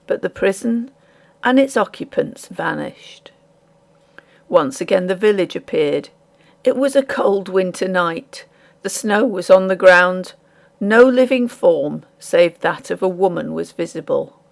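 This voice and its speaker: Slow gravelly woman narrator. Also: lowish voice. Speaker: audiobook narrator. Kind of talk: scripted narration.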